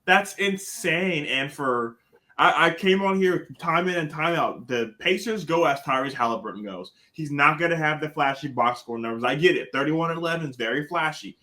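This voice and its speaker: A man giving excited, profanity-laced sports takes on a casual podcast, telling stories with lots of energy. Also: a little high, moderate pace. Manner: animated storyteller, swears freely. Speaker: podcast panelist.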